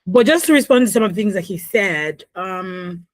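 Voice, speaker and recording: A man hosting a radio talk show, answering a caller with measured points and small hesitations. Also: sits high, animated, dry recording, rough recording. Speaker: radio host.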